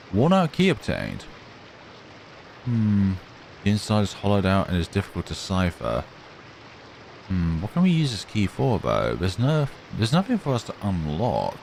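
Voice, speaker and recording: Slow-talking man playing a game. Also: deep voice, darkish tone, a little hiss or hum. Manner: slow, musing, reads game text aloud. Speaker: gamer. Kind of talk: let's play commentary.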